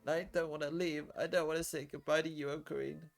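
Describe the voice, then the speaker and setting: A man voicing a gentle, childlike teenage girl in a soft high falsetto, reading a visual novel aloud. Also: flat delivery, brisk, vocal fry, soft background music. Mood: tearful. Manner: high soft falsetto, speaks of herself in third person.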